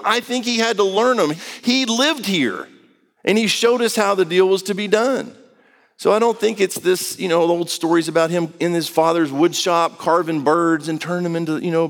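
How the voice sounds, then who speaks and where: A man's voice: sits high, a bit bright, in a large hall. A man preaching a sermon in a conversational, earnest way, acting out the quotes he reads. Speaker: pastor.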